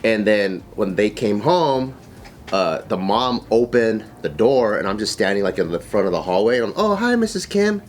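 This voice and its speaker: A man's voice: moderate pace, slight background noise. A man co-hosting a casual chat, telling a story and acting out the people in it. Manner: animated, acts out quotes in high voices. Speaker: podcast co-host.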